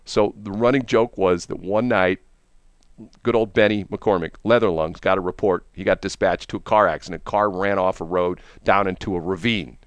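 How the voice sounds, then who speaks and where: Man, host, casual storytelling, rambling, laughs a lot, low voice, dry close sound. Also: fairly even intonation, normal speed, clean tone, no echo. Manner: rambling, laughs often, many restarts.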